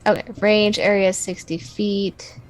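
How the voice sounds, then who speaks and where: Female player, middle pitch, careful and deliberate, faint music behind. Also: steady tone. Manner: careful, deliberate, checking spell details. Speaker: tabletop game player. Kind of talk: casual game table chat.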